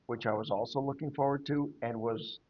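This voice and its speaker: A man's voice: medium pitch, steady tone, brisk, lo-fi sound. A man co-hosting a casual podcast, joking and teasing in banter. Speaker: podcast co-host. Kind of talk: casual chat.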